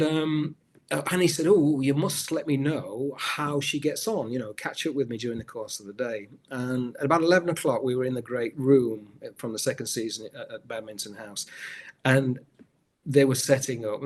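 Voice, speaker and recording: A middle-aged man in a conversational interview, telling anecdotes at a mid-range pitch. He rambles as he goes and often restarts his sentences. He sounds like an actor recalling time on set. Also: slightly rough. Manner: rambling storyteller, many restarts. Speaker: actor guest.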